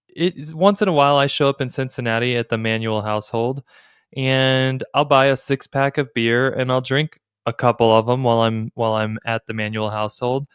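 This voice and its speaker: A man's voice: medium pitch, fairly bright tone, clean tone, dry recording, studio quality. A man co-hosting a casual podcast conversation, playfully quizzing his co-host like a game show.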